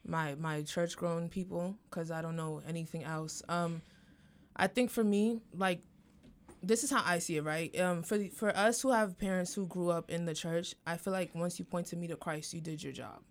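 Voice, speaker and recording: A young woman in casual chat, an animated storyteller who acts out her parents. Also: lowish voice, normal speed. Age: young adult.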